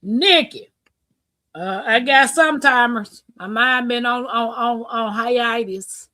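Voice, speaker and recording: A woman hosting a live-stream talk show, chatting casually, reading comments aloud and telling stories with animated bursts and laughter. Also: fairly high pitch, takes it slowly, no room sound. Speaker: livestream host.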